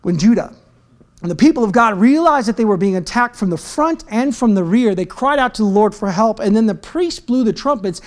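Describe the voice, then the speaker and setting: High-pitched guy preaching, goes from shouting to hushed and back, slangy. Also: lively intonation, fairly quick. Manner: preaching with big swings from loud shouts to quiet asides; talks in slang. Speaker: pastor. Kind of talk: sermon.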